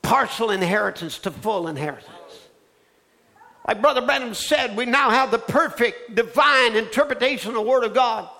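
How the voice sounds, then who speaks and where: A male preacher delivering a sermon, with a story that builds into fervent, shouted preaching. His voice is strikingly high. The tone is bright and forceful. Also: animated, normal speed, vocal fry.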